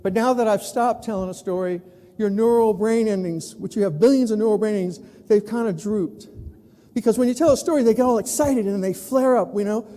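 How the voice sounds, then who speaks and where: A man in his sixties from New York City, giving an animated storytelling keynote talk. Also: sits high, brisk. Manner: animated, acts out other people's voices. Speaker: keynote speaker, newspaper columnist. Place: large conference hall. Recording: echoey hall with long reverb.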